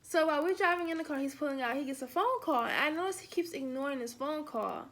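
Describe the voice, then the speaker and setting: A young woman telling a casual storytime, animated and sassy, acting out the quoted lines. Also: high-pitched, quick pace.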